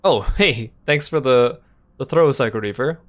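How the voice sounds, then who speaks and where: A man's voice: medium pitch, unhurried. Wry man commenting on a game. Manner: wry, chatty remarks. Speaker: let's play host.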